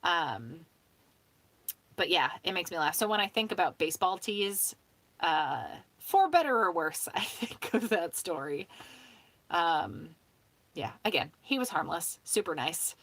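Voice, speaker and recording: A woman's voice: lowish voice, animated, unhurried, fairly bright tone, dry recording. A woman hosting a casual home stream, chatting in a rambling way, swearing freely and laughing often. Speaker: host of a sewing hangout stream. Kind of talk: casual chat.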